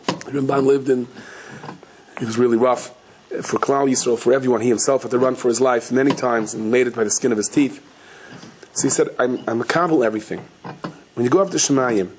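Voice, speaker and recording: Man, rabbi, storytelling sermon, animated quoted voices, self-correcting, medium pitch, faint background noise. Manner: frequent restarts and self-corrections. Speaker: rabbi giving a Torah talk.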